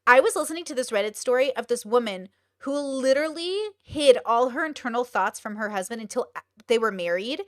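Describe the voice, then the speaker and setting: A young woman hosts a casual live stream, her voice sitting slightly high. She talks bluntly and swears freely, piling up rhetorical questions. The sound is dry and close. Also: lively intonation, brisk, no room sound. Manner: blunt, profane and exclaiming. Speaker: streamer host.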